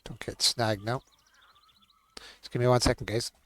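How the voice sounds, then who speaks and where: A man's voice: mid-range voice, flat delivery, normal speed, a little hiss or hum. Man chatting on a game stream. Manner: chatty, swears casually, laughs often. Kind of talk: casual gaming stream chat.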